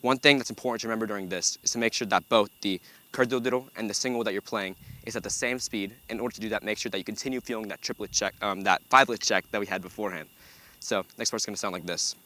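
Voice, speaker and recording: A man's voice: on the low side, fairly even intonation, racing. A young man, a center snare drummer, walking through a drum break step by step with frequent ums. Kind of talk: instructional walkthrough. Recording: loud background noise.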